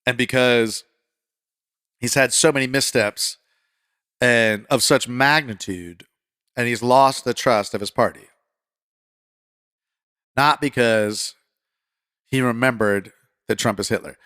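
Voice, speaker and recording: A man hosting a political commentary podcast, talking conversationally and getting fired up, then settling into calm reassurance. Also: mid-range voice, slow, long pauses, clear, resonant tone, dry recording, studio quality. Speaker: podcast host.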